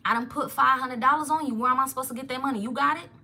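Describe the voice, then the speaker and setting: A sneering, cruel plantation owner speaks with a taunting drawl, as a woman puts him on. The voice sits higher than her own and has a bright, forceful edge. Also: rapid-fire, breathy edge, recorded from a distance, exaggerated voice.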